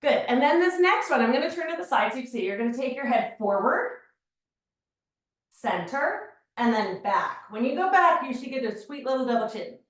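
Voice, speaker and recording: A woman teaching a beginner Pilates class, calmly talking the listener through each movement step by step. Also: high voice, moderate pace. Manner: calm step-by-step movement cues. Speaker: Pilates instructor. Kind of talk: guided exercise class. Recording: very echoey room, mic far off.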